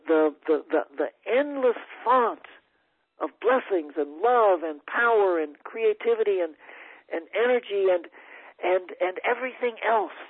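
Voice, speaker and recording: A man with a high voice gives an inspirational talk to his congregation, circling back over words and restarting his phrases. The sound is thin and tinny, as if heard over a phone line, with a dry close feel. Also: slightly rough, no room sound. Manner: warm, repetitive, halting with many restarts. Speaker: spiritual teacher.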